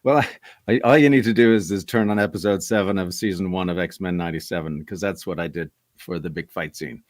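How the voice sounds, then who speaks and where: A man's voice: low voice, a little fast, no room sound. A middle-aged man, a voice actor, telling long rambling stories in a casual interview with many restarts. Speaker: voice actor guest.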